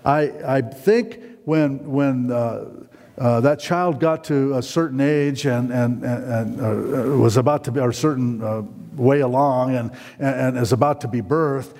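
A man's voice: medium pitch, moderate pace, darkish tone. A middle-aged man preaching a sermon in a church hall, rambling with many fillers and restarts and putting questions to the congregation. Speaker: pastor.

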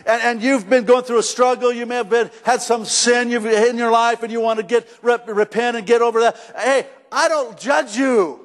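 A middle-aged male pastor preaching a sermon in a church, conversational and emphatic, rising to shouts at times. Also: extremely high pitch, steady tone, moderate pace, few pauses. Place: church sanctuary. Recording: long hall reverb.

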